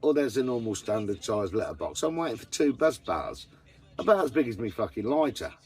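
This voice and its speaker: A man's voice: medium pitch, very animated, brisk, a little mellow, slightly rough. A man chatting casually to camera about his camper van, blunt and full of swearing. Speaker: vanlife vlogger.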